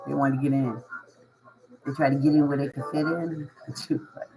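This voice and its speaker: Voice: mid-range voice, fairly even intonation, slow pace, long pauses, pushed and bright, slight background noise, poor audio. A tarot reader giving a casual reading to viewers, slangy and reassuring, often repeating phrases and laughing. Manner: reassuring, coaching tone.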